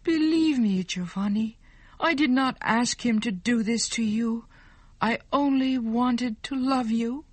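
A woman voicing a sweet, innocent young woman who pleads in a high voice, in a slow storybook reading. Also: dry recording. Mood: pleading. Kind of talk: storybook narration.

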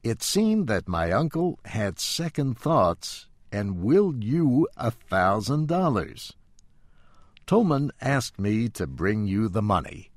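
A man voicing a carefree, polite young gentleman who speaks light-heartedly. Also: fairly low pitch, very animated, takes it slowly, dry recording, studio quality, pitched above the performer's own voice. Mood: polite, breezy.

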